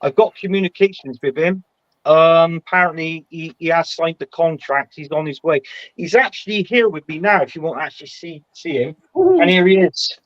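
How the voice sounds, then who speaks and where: A man's voice: fairly high pitch, lively intonation, moderate pace, no room sound. A man on a football chat panel, bantering and making mock-serious announcements in a jokey tone. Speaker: podcast panelist. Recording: dull lo-fi audio.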